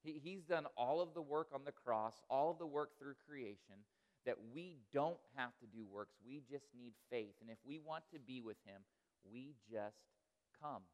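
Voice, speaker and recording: A man's voice: mid-range voice, moderate pace. A man preaching a sermon, telling a story earnestly and asking rhetorical questions. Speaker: pastor. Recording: reverberant hall.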